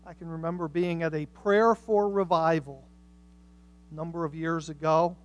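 A woman preaching a sermon with passion, swinging from hushed lines to loud, emphatic ones. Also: low voice, steady tone, normal speed, dull audio.

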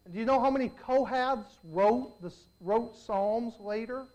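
A preacher giving a sermon, telling the story in an animated way full of rhetorical questions. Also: medium pitch, unhurried, rough recording.

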